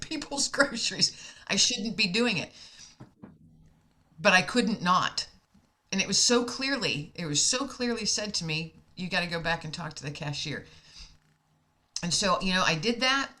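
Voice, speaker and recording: A woman's voice: mid-range voice, sharp tone. An American woman telling a heartfelt personal story in casual conversation, emotional and laughing often.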